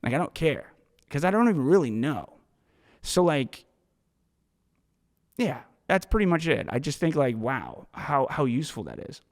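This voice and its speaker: A man hosting a solo podcast, telling a story in casual, profane, animated monologue. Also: medium pitch, normal speed, in a large hall. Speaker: podcast host.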